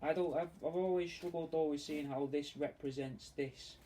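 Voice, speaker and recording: A man with a fairly high yet dark, mellow voice rambles in sweary, casual chat while he works. He sits back from the microphone, and a faint ambient hum runs under his talk. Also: fairly even intonation, moderate pace. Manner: sweary, meandering, chatty. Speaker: taxidermist streaming to fans. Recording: distant mic with faint ambient noise.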